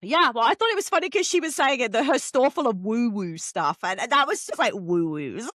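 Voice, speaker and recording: A woman talks through a book in casual chat, swearing often and acting out little stories. Her voice sits high and swings widely in pitch. The sound is bright and dry, with no room around it. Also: a little fast, no room sound. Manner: sweary, animated storytelling. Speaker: podcast co-host.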